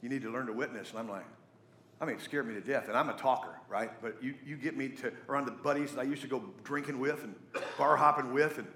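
A man's voice: medium pitch, fast talker, roomy sound, slight background noise. A middle-aged man preaching a sermon, telling stories with jokey asides. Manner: storytelling, animated, jokey asides. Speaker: pastor.

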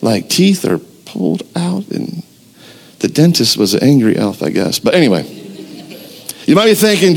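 A young man preaching a sermon as pastor, telling a story with lively acted-out quotes. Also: a little high, normal speed, creaky, long pauses, slightly rough. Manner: animated storytelling, acts out quotes.

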